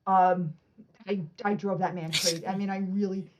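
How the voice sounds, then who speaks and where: Woman telling lively martial arts stories. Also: medium pitch, moderate pace, background noise. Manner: animated anecdotes, acting out quoted dialogue. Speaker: author and martial artist guest. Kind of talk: casual storytelling interview.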